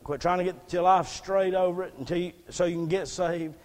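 A man preaching a sermon in a church, fervent, repeating words and rising to shouts. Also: high-pitched, steady tone, a little fast, in a large hall. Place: church sanctuary.

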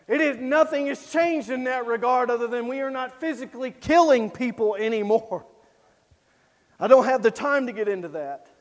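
A man preaching a sermon, emphatic, swinging between loud declarations and low asides. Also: moderate pace, in a large hall.

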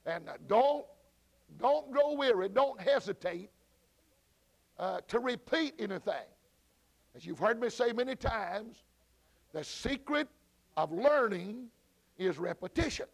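A man teaching a church Bible study, talking slowly with many fillers and repeated words, and calling out to people at the back of the room. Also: high-pitched, animated, creaky. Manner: slow, repetitive teaching with frequent fillers and restarts.

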